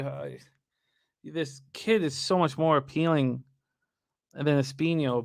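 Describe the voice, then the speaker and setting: A man's voice: mid-range voice, vocal fry, no room sound, studio quality. A man hosting a live sports betting show, talking casually with restarts and reading viewer comments aloud.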